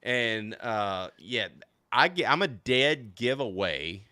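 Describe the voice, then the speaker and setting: A man from Louisiana hosting a casual podcast chat, excitable, laughing often and tripping over restarts. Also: medium pitch, slow pace, no room sound. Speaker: podcast host.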